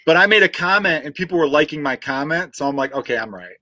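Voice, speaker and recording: A man's voice: fairly high pitch, fast talker, sharp tone, no room sound. A man in his thirties with a Chicago accent hosting a casual comedy podcast, rambling and swearing casually. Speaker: podcast host.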